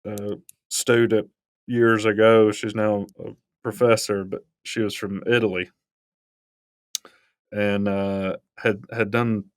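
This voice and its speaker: A man's voice: lowish voice, little pitch movement, slow, long pauses, no room sound. A man with a Southern Alabama accent, co-hosting a casual podcast and telling rambling stories with chuckles. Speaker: podcast co-host, professor. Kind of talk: casual storytelling.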